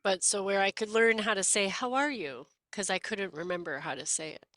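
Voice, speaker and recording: A woman co-hosting a podcast interview, talking in a lively, chatty and playful way. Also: mid-range voice, a little fast, no echo. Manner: lively, chatty, playful, does quoted voices. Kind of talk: casual conversational interview.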